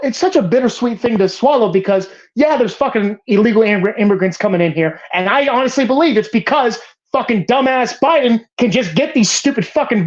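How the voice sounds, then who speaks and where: A woman's voice: on the high side, lo-fi sound. A woman hosting a casual movie discussion podcast, heated and profane as she rants. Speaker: podcast host.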